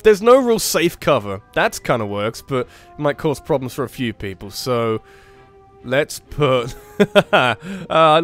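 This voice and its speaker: A man with a sore throat rambling through let's play commentary, often correcting himself and breaking into excited outbursts. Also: medium pitch. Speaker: gaming channel host.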